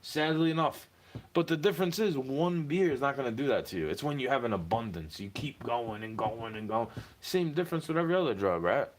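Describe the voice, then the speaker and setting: A man's voice: medium pitch, expressive, brisk. A young man ranting to camera in a heated, profane monologue, slipping into mocking put-on voices.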